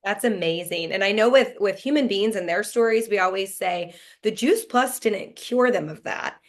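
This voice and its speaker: A woman's voice: mid-range voice, normal speed. A woman hosting a casual group talk, encouraging and handing turns to the guests. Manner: upbeat, encouraging, leads the turns. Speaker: host of the call.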